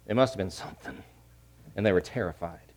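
A middle-aged male pastor preaching a sermon, repeating key phrases and swinging from hushed to loud. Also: low voice, a little fast.

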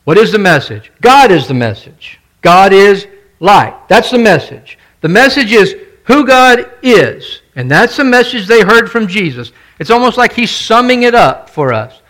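Pastor guy preaching, pretty high voice, keeps hammering the same point, asks the room "right?". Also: big pitch swings, measured pace, a bit bright. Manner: emphatic, repeats key points, asks the congregation questions. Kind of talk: sermon.

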